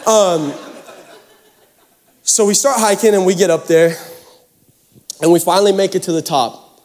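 Speaking a little slowly and pausing often, a young Pacific Northwest pastor dramatizes a camp story in his sermon, animated and poking fun at himself. His voice is high-pitched and echoes with hall reverb.

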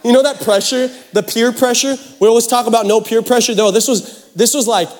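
A youth pastor from Seattle gives a sermon, telling a joking, animated story to the congregation in a large church hall. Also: male voice, extremely high pitch, fairly quick. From Seattle area, United States. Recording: long hall reverb.

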